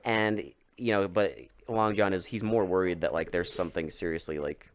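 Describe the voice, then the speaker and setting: A man's voice: low-pitched, normal speed. A man co-hosting a podcast, recapping a film casually, swearing and acting out lines. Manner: animated, swearing, acts out characters' lines. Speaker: podcast co-host.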